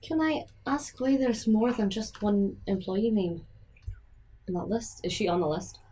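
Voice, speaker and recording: A woman's voice: mid-range voice, animated, measured pace, warm tone, rough recording. A woman playing in a tabletop game, asking blunt questions in a casual, playful way. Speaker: player.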